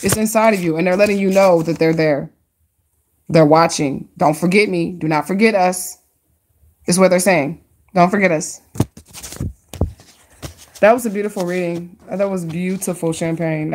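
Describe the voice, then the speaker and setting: A woman with a lowish voice reads tarot cards for her viewers on a live stream. She is chatty and excitable, slips into casual slang, and stretches words out for emphasis. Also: fairly quick, slight background noise. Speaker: tarot card reader hosting a live stream.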